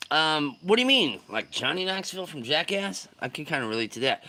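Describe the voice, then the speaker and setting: Rowdy, bright-voiced fishing streamer. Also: male voice, a little high, very animated, moderate pace. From California. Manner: rowdy, greets chat loudly, slangy. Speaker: fishing livestream host. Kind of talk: casual livestream chat.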